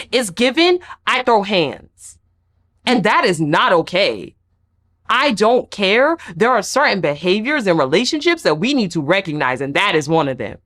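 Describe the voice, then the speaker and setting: A woman giving a casual, emphatic recap of a reality show episode, acting out the people she quotes. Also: mid-range voice. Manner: animated, emphatic, acts out quotes. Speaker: recap vlogger.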